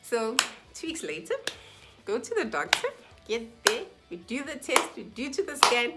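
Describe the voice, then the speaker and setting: A young woman vlogger telling a personal story to camera in a casual, animated way, acting out what people said and sometimes dropping to a whisper. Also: a little high, normal speed, over loud music. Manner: animated, acts out quoted dialogue, drops to whispers.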